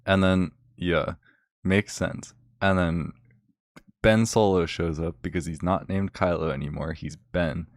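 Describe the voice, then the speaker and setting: A man's voice: deep voice, fairly even intonation, slow pace, no echo, clean studio sound. A young man recapping a film in a casual, rambling, sarcastic rant full of fillers. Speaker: vlogger.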